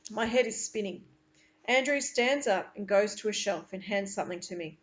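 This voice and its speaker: A woman, a teacher, reading a novel aloud to her class and stopping to explain it in earnest, halting asides. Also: medium pitch.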